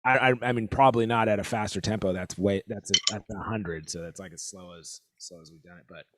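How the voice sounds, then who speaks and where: A man's voice: on the low side, fairly even intonation, a little fast, background noise. A man leading a live-streamed group drum lesson over a video call. He is exclamatory, laughs often and counts the players in.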